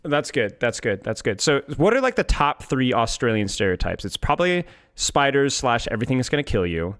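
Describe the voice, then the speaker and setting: A man's voice: mid-range voice, big pitch swings, fairly quick, fairly bright tone. A man coaching a player in a casual chat, joking and teasing as he goes. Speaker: game coach.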